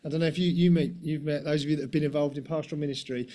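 A man's voice: on the high side, fairly even intonation, very fast, dark tone. A middle-aged man preaching a conversational sermon, posing rhetorical questions and tag questions, with the odd self-deprecating aside.

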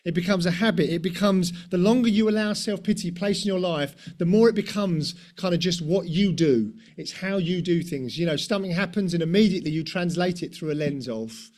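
A man's voice: high voice, fairly quick, few pauses, darkish tone. A middle-aged man preaching a conversational sermon, posing rhetorical questions and tag questions, with the odd self-deprecating aside.

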